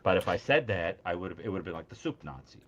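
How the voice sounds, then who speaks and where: A man co-hosting a casual call-in show, an animated, self-mocking storyteller on a remote mic. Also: deep voice, fast. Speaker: co-host. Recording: dull lo-fi call audio, faint noise.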